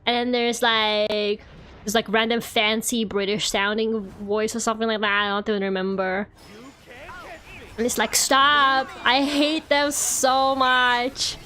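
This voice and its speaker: A young woman VTuber speaks at a fairly high pitch but with a flat delivery, keeping a measured pace in a pushed, bright voice. She's streaming a game, chatting casually and ranting, using "like" a lot.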